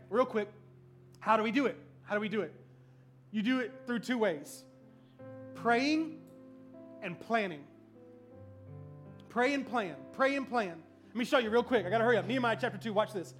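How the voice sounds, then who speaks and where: Man, middle-aged pastor, church sermon, animated comic storyteller, very high pitch. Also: normal speed, pauses often, faint music behind. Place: church service before a congregation.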